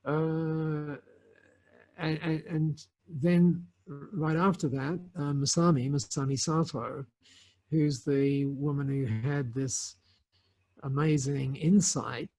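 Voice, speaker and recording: A middle-aged man with a somewhat high, husky voice tells a story as a podcast guest. He talks casually and rambles, circling back with restarts and fillers. He laughs now and then as he goes. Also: fairly even intonation, slow pace, a little mellow.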